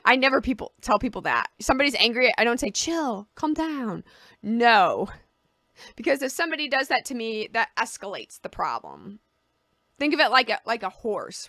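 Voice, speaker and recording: Woman, fairly high voice, bright and forceful, dry close sound, casual advice vlog, conversational. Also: no echo. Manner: conversational, explains with homely analogies. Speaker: vlogger giving personal advice. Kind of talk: casual talk to camera.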